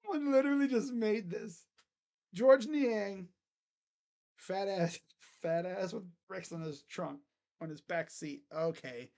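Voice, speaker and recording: A young man hosting a casual live basketball reaction, joking bluntly and crudely with sudden loud bursts. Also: high voice, takes it slowly, vocal fry. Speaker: sports channel host. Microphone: webcam setup.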